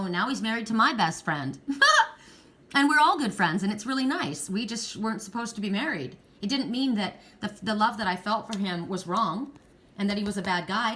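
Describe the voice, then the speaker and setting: A woman's voice: mid-range voice, a bit bright. Woman reading oracle cards at home, earnest and reassuring, stumbles and restarts a lot. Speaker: oracle card reader. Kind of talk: pick-a-card reading, speaking to viewers. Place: at home with her dog nearby.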